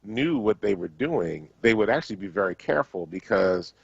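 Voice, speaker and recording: A man hosting a talk radio show, talking in a halting way with many fillers and restarts. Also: on the low side, animated, creaky, husky, no echo. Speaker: radio host. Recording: dull lo-fi radio stream.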